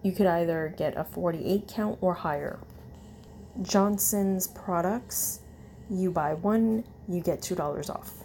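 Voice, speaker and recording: A woman in casual chat, reading a long list of coupons in a slow, tired way, with fillers and self-corrections. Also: fairly low pitch, warm tone, a little hiss or hum. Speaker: vlogger.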